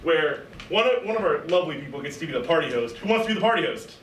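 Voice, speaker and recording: Shouty excitable young man hosting improv. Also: fairly high pitch, very fast. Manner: loud, excitable, breaks into shouting. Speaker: improv game host. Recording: echoey room, mic at a distance, faint noise.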